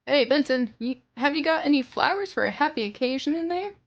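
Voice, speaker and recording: A woman's voice: high voice, animated, a little fast, lo-fi sound. A woman voicing a commanding male bee general in a read-aloud storybook, barking orders.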